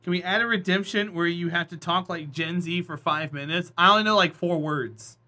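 A man's voice: high-pitched, fairly quick, bright, forceful tone. A man live streaming, chatting casually with his viewers and teasing them with jokes. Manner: joking, teasing, laughs often.

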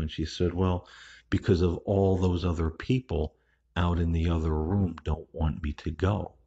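A man hosts a podcast in a very deep voice that is husky and rough. He talks in a relaxed, unhurried monologue and often restarts his sentences. The recording sounds somewhat muffled and lo-fi. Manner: unhurried, with frequent restarts and fillers. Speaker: podcast host. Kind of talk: casual spoken monologue. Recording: dull, lo-fi recording.

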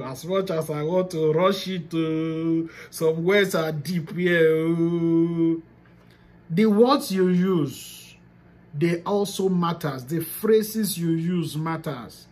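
A woman's voice: fairly low pitch, a little mellow. A Nigerian woman coaching her team in a motivational teaching talk. She speaks with emphasis and hammers key phrases through repetition. Now and then she drops into pidgin. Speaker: business coach.

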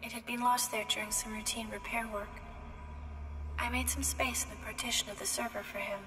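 Actress as calm female survivor log voice; distant, echoey game audio. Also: on the high side, a little fast, noisy background, close to an everyday voice. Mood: flat.

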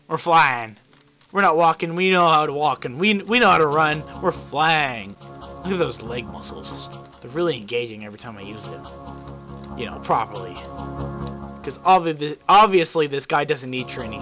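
A young man commentating his own gameplay, swinging between mutters and frustrated yells, swearing at the game. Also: sits high. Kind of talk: let's play commentary.

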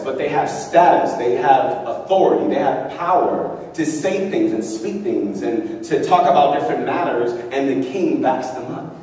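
A man's voice: a little high, darkish tone, recorded from a distance. A male pastor preaching a sermon emphatically, calling on the congregation to answer back and acting out quotes. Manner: emphatic, call-and-response preaching with acted-out quotes. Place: church hall. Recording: echoey hall, mic from afar.

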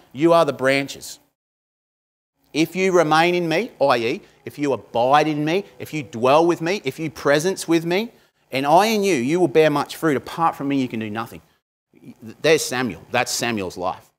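A man, a pastor, giving a conversational sermon, with frequent asides to the congregation. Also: mid-range voice.

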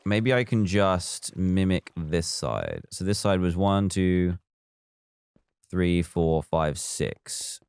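Low-voiced man chatting on a stream. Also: animated, slow, darkish tone, clear, resonant tone, dry recording, studio quality. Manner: chatty, reads viewer comments aloud and counts blocks under his breath. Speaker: live streamer. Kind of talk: casual live-stream chat while building in a game.

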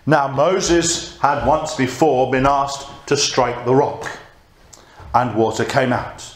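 A man's voice: mid-range voice, slow. A man preaching a conversational sermon and reading scripture aloud. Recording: echoey church room.

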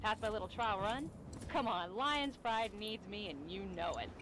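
A woman voicing a restless young female soldier in a video game, itching for action and grumbling about her duty. Her pitch is mid-range. The line plays through game audio, with clear noise behind it. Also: expressive, moderate pace, close to an everyday voice. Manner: complaining, restless. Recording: game audio over noisy background.

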